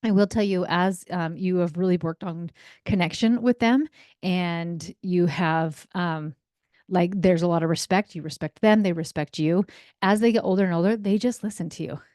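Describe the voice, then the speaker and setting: A woman in her thirties, a parenting coach hosting a podcast, talking in a chatty, animated way and briefly acting out what kids and parents say. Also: on the low side, normal speed, dry recording, clean studio sound. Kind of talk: casual solo podcast talk. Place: home in a desert region.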